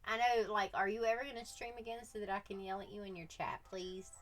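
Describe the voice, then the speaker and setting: A woman's voice: mid-range voice, steady tone, brisk. A woman casually chatting with her viewers on a live stream, teasing them playfully and laughing often.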